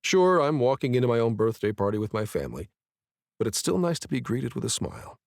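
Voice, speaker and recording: A male narrator reading a first-person romance audiobook in a measured, even way. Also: mid-range voice, creaky, dry recording, studio quality.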